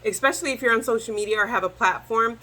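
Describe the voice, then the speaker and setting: A woman doing a chatty, animated tarot reading to camera, talking straight to her viewers as y'all. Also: on the high side, fast, rough recording. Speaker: tarot reader.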